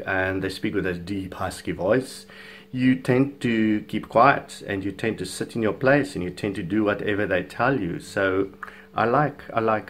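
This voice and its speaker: A man's voice: fairly low pitch, a bit bright, a little hiss or hum. A South African man whose first language is Afrikaans, giving chatty, opinionated video commentary with frequent chuckles. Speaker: fitness vlogger.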